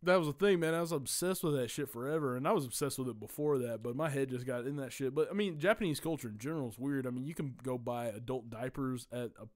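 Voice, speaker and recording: Fast-talking man in loose banter. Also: mid-range voice. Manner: loose, rambling, laughing banter. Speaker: podcast co-host. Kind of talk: casual chat.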